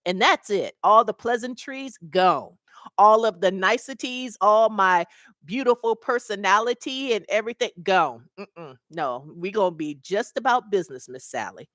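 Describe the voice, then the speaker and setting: A middle-aged woman speaks at a middle pitch into a webcam in a dry, close room. She tells a work story in an easy, chatty way and acts out each person's voice. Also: normal speed, dry recording. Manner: animated, acts out the people in her story. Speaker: mobile notary mentor. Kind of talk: casual storytelling vlog.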